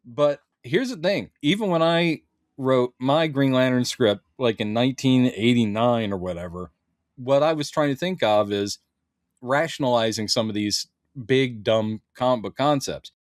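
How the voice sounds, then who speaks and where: A middle-aged man talking on a podcast, rambling with plenty of "uh"s and restarts. His voice sits right at the mic with no room around it. His pitch is ordinary for a man. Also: moderate pace, no echo, studio quality. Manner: rambling, hesitant with many fillers. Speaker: podcast host. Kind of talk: casual podcast chat.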